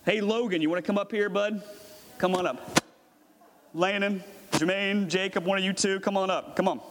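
A man's voice: high voice, steady tone, moderate pace, fairly bright tone. A man preaching a dramatic sermon, calling up volunteers and acting out a scene. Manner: dramatic, calls up volunteers, acts out a merchant. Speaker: pastor. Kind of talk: sermon with audience role-play. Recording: echoey hall with long reverb.

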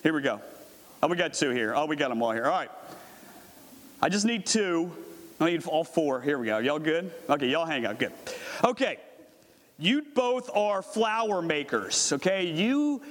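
High-voiced preacher in an echoey hall. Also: male voice, lively intonation, moderate pace. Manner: dramatic, calls up volunteers, acts out a merchant. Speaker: pastor. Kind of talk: sermon with audience role-play. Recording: echoey hall with long reverb.

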